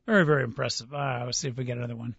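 Rapid-fire and steady in tone, this mid-range male voice is gravelly, husky, and a bit bright. He hosts a relaxed sports talk show, quizzing his co-host on movie lines he reads aloud and laughing easily, in a dull, dry studio recording.

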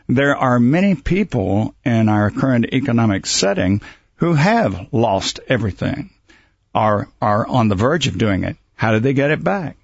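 A man, a communication coach, giving measured answers as a talk show guest. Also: medium pitch, creaky, husky, no echo, muffled recording. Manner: measured, quotes sayings, chuckles. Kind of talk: radio interview guest.

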